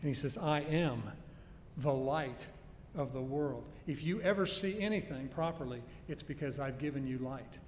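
A man preaching a sermon in an earnest, emphatic way, slowing down to stress key phrases. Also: mid-range voice. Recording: faint noise and long hall reverb.

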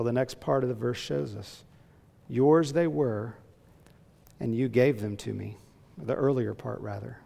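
A man preaching a sermon as a pastor, earnest and emphatic, slowing down to stress key phrases. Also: medium pitch, gravelly, a little mellow, long reverb tail.

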